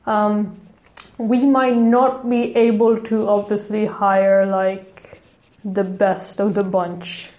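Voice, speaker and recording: A woman's voice: mid-range voice, flat delivery, slow pace, a little mellow. A woman co-hosting a podcast in casual chat, laughing often and talking with plenty of fillers. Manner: chatty, giggly, lots of fillers. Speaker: podcast co-host. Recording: roomy echo.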